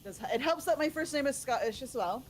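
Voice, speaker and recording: A woman's voice: high voice, lively intonation, a little fast, slight background noise. An American woman chatting and joking casually while playing a game on stream. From United States. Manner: chatty, jokey. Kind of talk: casual gaming chat.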